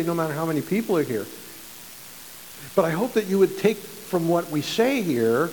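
A man's voice: fairly high pitch, darkish tone, in a large hall, a little hiss or hum, rough recording. A male pastor preaching a sermon in a conversational way, often repeating and restarting words.

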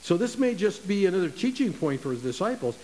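A man's voice: high voice, sing-song, fast, darkish tone. A man preaching a sermon in a conversational, emphatic way, often repeating his phrases. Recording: long reverb with faint hiss.

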